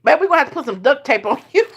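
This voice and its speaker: A woman's voice: sits high, big pitch swings, quick pace. A woman hosting a casual live chat, talking straight to her viewers and laughing often. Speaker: live stream host.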